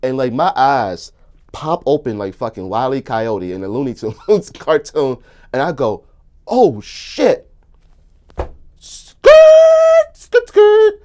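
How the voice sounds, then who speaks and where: Animated crude-talking man telling stories. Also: medium pitch, moderate pace. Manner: animated, crude, bursts into shouting and laughter. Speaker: comedian guest. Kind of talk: storytelling in casual chat.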